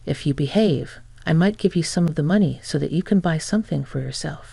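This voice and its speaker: A woman's voice: sits low, fairly quick, gravelly, mellow, husky, dry recording, heavily acted. A woman voicing a smug, entitled middle-aged mother-in-law who speaks nonchalantly and taunts.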